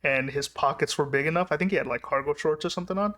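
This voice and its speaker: A fast talker with a fairly high, pushed and bright voice, this vlogger recounts a personal story. His delivery is casual, chatty and rambling, with sentences he often breaks off and starts over.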